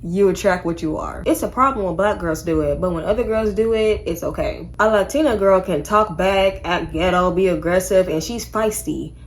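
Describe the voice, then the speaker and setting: A woman's voice: medium pitch, moderate pace, few pauses, slight background noise. A young woman giving casual commentary in a vlog, sassy and emphatic, firing off rhetorical questions. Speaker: commentary vlogger.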